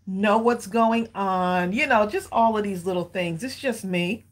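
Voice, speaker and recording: A woman, hosting a live craft stream and chatting with viewers in a lively, laughing way. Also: mid-range voice, measured pace. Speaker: craft channel host.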